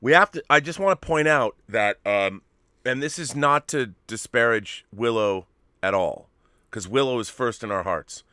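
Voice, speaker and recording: Bright, crisp American man riffing. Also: medium pitch, expressive, moderate pace, dry recording, studio quality. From United States. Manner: enthusiastic, riffing, jokey asides. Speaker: co-host. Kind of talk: casual chat. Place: home studio in Hollywood.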